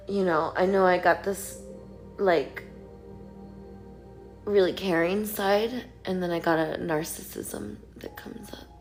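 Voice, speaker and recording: A mother pouring out an emotional monologue to her absent son, halting and often dropping to a whisper. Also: lowish voice.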